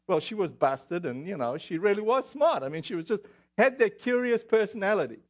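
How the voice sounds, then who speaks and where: A man's voice: high voice, very animated, a little fast. A man from South Africa with a South African accent, preaching a sermon in a chatty, self-deprecating way with many fillers. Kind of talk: sermon with personal stories. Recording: dull lo-fi audio.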